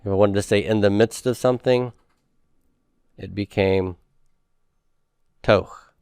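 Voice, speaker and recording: A man's voice: lowish voice, steady tone, moderate pace, a little mellow, smooth, dry recording, studio quality. A man teaching a Hebrew grammar lecture, patiently repeating words and checking in with "okay?".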